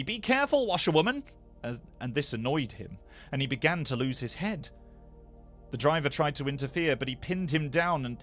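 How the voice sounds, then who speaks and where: Expressive male bedtime-story narrator. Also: a little high. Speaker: voice actor, narrator.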